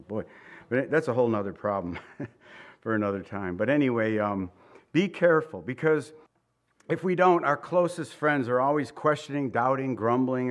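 Earnest male pastor preaching. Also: mid-range voice. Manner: earnest, emphatic, repeats key phrases, drops to quiet asides. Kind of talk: conversational sermon with scripture reading.

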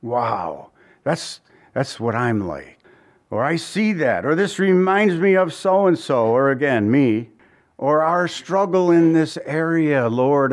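Guy preaching like he's just talking to you, asks lots of questions, kinda high voice. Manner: conversational, asks the listeners questions; restarts often, chuckles now and then. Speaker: pastor. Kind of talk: sermon.

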